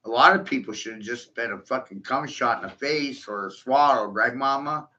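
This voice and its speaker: A man's voice: mid-range voice, moderate pace, bright, forceful tone. A man in a profane, mocking rant, taunting his listeners and breaking into scornful laughs. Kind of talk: ranting monologue. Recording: dull lo-fi recording.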